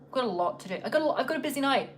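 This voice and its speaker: A woman's voice: high-pitched, animated, very fast, slight background noise. Chatty English woman hosting a livestream. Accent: English, slightly Americanized. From England. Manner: chatty, self-deprecating, rambling. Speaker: podcast host. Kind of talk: casual livestream chat. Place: home in Los Angeles.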